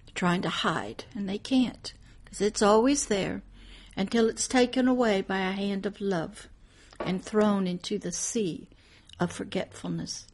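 A woman pastor telling a personal testimony in a hushed, emotional way as part of a teaching. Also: mid-range voice, unhurried.

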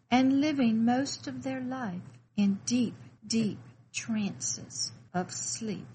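A woman's voice: a little high, darkish tone, slight background noise. Solemn woman reading a devotional. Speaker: ministry narrator. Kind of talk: scripted devotional narration.

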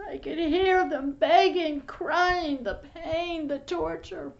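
Woman preacher telling her testimony, slow, breathy whispers, kinda muffled recording. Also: very high voice. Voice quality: soft, often whispered, emotional delivery. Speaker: pastor and teacher. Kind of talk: sermon-like spiritual testimony.

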